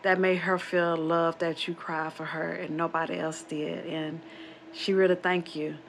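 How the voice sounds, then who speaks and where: Woman, casual storyteller; low register, gravelly fry; rambling, repeats lines, voices quoted dialogue. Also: level tone, unhurried, slight background noise. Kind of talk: casual spoken true story.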